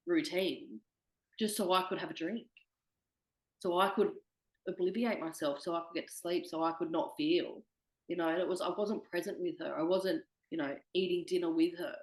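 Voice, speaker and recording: A woman's voice: on the low side, echoey room, rough recording. A young woman speaking candidly as an interview guest, swearing freely and quoting herself. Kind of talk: candid personal conversation.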